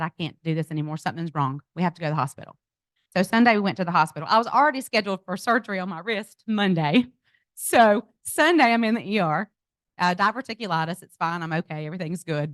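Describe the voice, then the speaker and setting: A middle-aged woman giving a lively personal testimony to a group, speaking to them directly. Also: mid-range voice, no room sound. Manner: animated storytelling, addresses audience as y'all. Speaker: speaker at a business event. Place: event venue.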